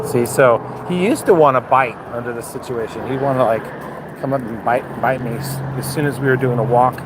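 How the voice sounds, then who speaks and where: A man's voice: medium pitch, a little fast. A man chatting casually on a livestream while walking his dogs outdoors, swearing freely and talking to the dogs between remarks. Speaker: dog breeder vlogger. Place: outdoors on a city street. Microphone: phone held while walking. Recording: outdoor street noise, traffic. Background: traffic and street noise.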